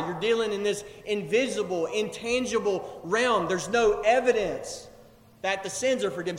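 Man, pastor, high voice, animated sermon, echoey church hall. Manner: animated preaching, acts out quoted voices. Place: church sanctuary.

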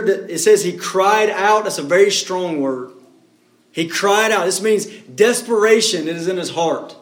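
A man with a notably high voice preaching a sermon, his delivery swinging from hushed, low lines to loud, raised cries. The sound is roomy and echoey. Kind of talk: expository sermon.

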